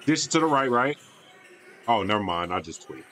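A man's voice: on the low side, sing-song, fairly quick, fairly bright tone, slight background noise. A young man giving casual, slangy reaction commentary on a basketball video, with mumbled asides. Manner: laid-back slangy banter, mumbles asides.

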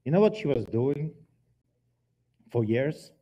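A man preaching his personal testimony in a church, telling the story dramatically with emphatic swings in loudness. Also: medium pitch, sing-song, slow, breathy edge, highs cut off. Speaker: guest preacher giving testimony. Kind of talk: testimony sermon.

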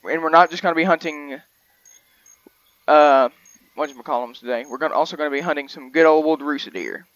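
A man's voice: a little high, brisk, a bit bright, no room sound, lo-fi sound. A young man, rambling and chatty as he gives casual commentary on a hunting game, often correcting himself mid-sentence. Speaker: gaming video host.

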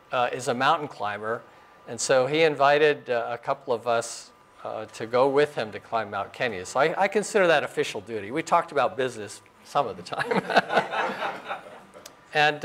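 An older man in his sixties tells stories from his career at a mid-pitched voice. He speaks in a loose, chatty way, with plenty of "uh" and "you know" and a little laugh now and then. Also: moderate pace. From Arizona, US. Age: 60s. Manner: relaxed storytelling with fillers and chuckles. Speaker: astrophysicist giving a lecture. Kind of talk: informal lecture. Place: lecture room.

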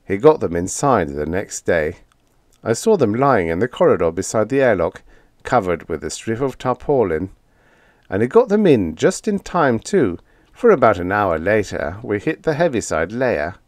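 A man narrating a comic story in the first person, expressive and even-paced. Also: on the low side, normal speed, no room sound. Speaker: audiobook narrator.

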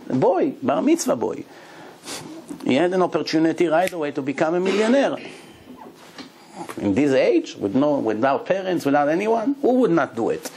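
A man's voice: on the high side, normal speed, a little hiss or hum. A middle-aged man, a rabbi, telling stories in a sermon and acting out the voices of the people in them. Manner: animated storyteller acting out quoted voices. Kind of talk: storytelling sermon.

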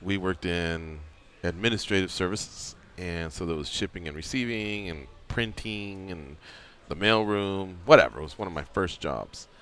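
A man's voice: deep voice, moderate pace. A middle-aged man hosting a radio show, telling a story casually and acting out the quotes. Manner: animated storyteller, acts out quotes.

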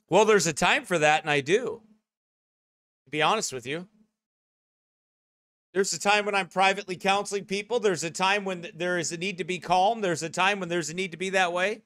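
A man's voice: high voice, brisk, long pauses, no room sound, studio quality. A male pastor preaching a fiery, mocking sermon. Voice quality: loud, mocking, emphatic.

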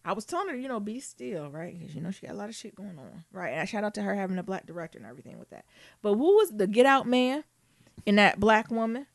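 A woman co-hosting a podcast, chatting casually in an animated, swearing, playful and teasing way. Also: medium pitch, fast, vocal fry, dry recording, studio quality. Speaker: podcast co-host. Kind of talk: casual chat.

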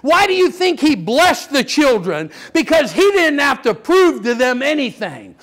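An older man preaching a sermon, telling stories with lively energy and sudden shouts. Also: very high-pitched, unhurried. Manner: animated storytelling, acts out children's voices, bursts into shouts. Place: church sanctuary.

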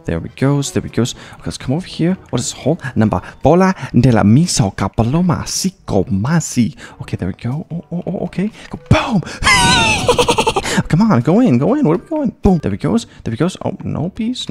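A man giving excitable, jokey gameplay commentary as a gaming YouTuber, throwing in mock-Spanish phrases. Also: mid-range voice, vocal fry, husky.

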